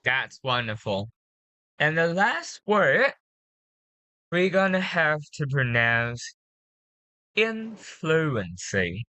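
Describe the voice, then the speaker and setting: A woman tutoring English pronunciation, patiently drilling words slowly and repeating them. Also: low voice, big pitch swings, sharp tone, dry recording. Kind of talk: one-on-one pronunciation coaching.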